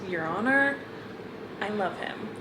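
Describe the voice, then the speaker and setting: A woman's voice: mid-range voice, animated. Gushing young woman book vlogger. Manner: gushing, emotional, quick to laugh. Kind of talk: casual reading vlog chat. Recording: echoey room with background noise.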